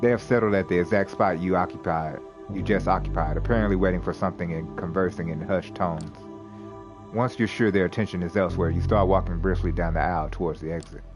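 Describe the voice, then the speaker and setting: Man with a low voice reading a game. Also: steady tone, fast talker, music in the background. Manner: casual, with restarts and asides. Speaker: streamer playing a narrative game. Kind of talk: reading game text aloud with commentary.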